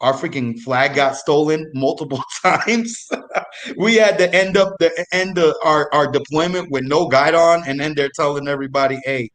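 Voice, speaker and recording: Young man, casual storytelling, profane, lots of restarts, slightly higher voice. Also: fairly bright tone. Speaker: guest storyteller, former military supply.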